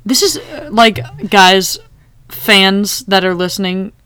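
A woman's voice: medium pitch, slow pace, clear, resonant tone. Chatty young woman recapping a show. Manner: chatty, animated, quotes characters. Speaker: podcast co-host. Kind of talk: casual TV recap chat.

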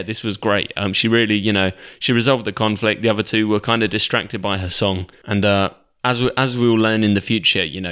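A man's voice: on the low side, a bit bright, smooth. A young man hosting a podcast, recapping a sitcom episode in a rambling, opinionated way with lots of swearing. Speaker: podcast host.

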